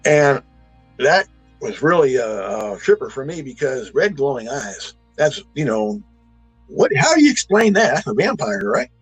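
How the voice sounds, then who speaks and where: A man's voice: mid-range voice, sing-song, a little slow, slightly rough, faint music behind, rough recording. A man, telling a true encounter in a folksy, rambling way full of restarts and emphatic bursts. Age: 60s. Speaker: eyewitness storyteller. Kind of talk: casual spoken storytelling.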